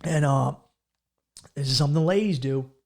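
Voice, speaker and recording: A man's voice: a little high, moderate pace, gravelly, darkish tone. Blunt, profane male podcast host. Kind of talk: casual advice monologue.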